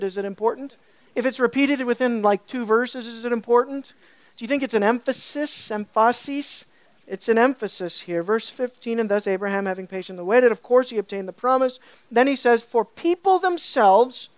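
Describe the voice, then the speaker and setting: A woman preaching a sermon. She asks her listeners questions and repeats points for emphasis. She builds to loud, high peaks and drops to a soft, low voice for scripture. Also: no room sound. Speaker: pastor.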